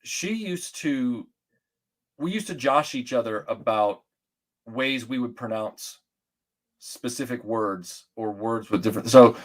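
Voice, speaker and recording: A middle-aged man from Atlanta shares stories as a guest in an easygoing chat, speaking in a rambling, lively manner with lots of restarts and fillers. His voice falls in the mid range.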